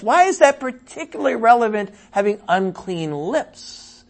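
A man preaching a conversational sermon, swinging between loud exclamations and quiet asides. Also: high-pitched, lively intonation, moderate pace, gravelly, hardly any pauses. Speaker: pastor.

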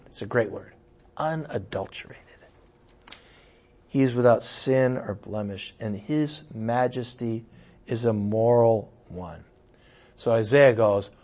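A man preaching a conversational sermon, swinging between loud exclamations and quiet asides. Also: medium pitch, animated, slow pace, pauses often. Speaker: pastor.

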